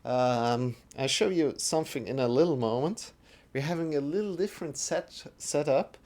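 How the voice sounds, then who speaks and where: A man's voice: fairly high pitch, darkish tone. A man teaching a live-streamed yoga lesson, chatting relaxedly with viewers and leading a mantra. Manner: slow, drawn-out mantra chanting.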